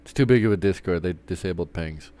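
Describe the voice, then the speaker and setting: A man with a low, dark voice talks fast while streaming live. He rants casually, swearing a lot, rambling, and stumbling into restarts often.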